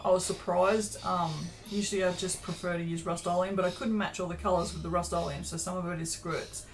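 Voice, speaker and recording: A woman's voice: lowish voice, steady tone, a little fast, slight background noise. A tired woman, chatting casually to camera in a rambling, self-deprecating way from her home craft room. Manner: chatty, self-deprecating, lots of ums and tangents. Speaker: small business owner updating viewers.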